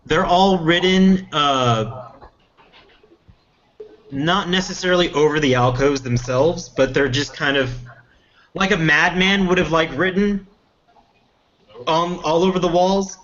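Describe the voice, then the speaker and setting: A man's voice: fairly high pitch, slow pace, long pauses, a bit bright. A man running a tabletop fantasy game as game master, speaking hesitantly with many fillers. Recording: dull lo-fi recording.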